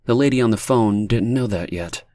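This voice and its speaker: A man narrating a dark fiction audiobook in a steady, measured reading. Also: lowish voice.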